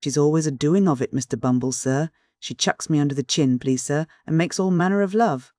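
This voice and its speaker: A man's voice: a little high, brisk, darkish tone, dry recording, clean studio sound, natural voice. A man reading an audiobook voices a lazy, slightly drunk young man who lolls and whines. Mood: whining. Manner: lolling, whiny, blubbering. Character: lazy tipsy young man, whining and cowardly.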